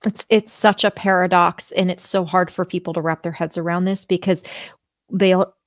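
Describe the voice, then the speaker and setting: A woman hosting a conversation, voice slightly low, with a dry, close recording. She responds with quick affirmations and thoughtful follow-ups. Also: little pitch movement, dry recording. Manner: affirming, brief agreements. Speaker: podcast host. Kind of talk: interview conversation.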